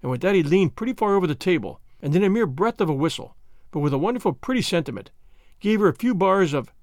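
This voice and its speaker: A man narrating a classic adventure novel as an audiobook, measured and expressive. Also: high-pitched, no echo, studio quality.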